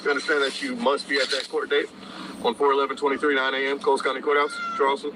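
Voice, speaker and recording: A man's voice: medium pitch, flat delivery, fast talker. A man working as a police officer, firmly and methodically giving instructions at a roadside traffic stop, recorded on a body-worn camera. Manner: firm, procedural, repetitive. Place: roadside outdoors. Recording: bodycam audio with street noise. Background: traffic and outdoor ambience.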